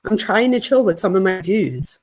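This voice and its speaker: A woman's voice: medium pitch, animated, normal speed, a little mellow, close to an everyday voice. Casual young boyfriend's texts, read by a woman, plain offhand delivery. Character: casual young man texting his girlfriend.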